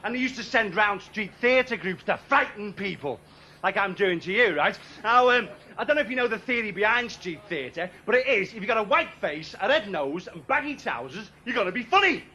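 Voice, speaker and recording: Bright, high-voiced ranting stand-up man. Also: expressive, a little fast, a little hiss or hum. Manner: sardonic ranting delivery. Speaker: stand-up comedian. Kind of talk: stand-up routine.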